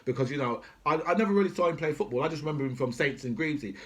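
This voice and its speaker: A man's voice: on the high side, very fast. A middle-aged man, talking off the cuff as a political commentator, swearing a lot and asking "right?" over and over. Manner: swears heavily, repeats "right?" and "do you know what I mean?", grows louder and angrier. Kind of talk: unscripted rant.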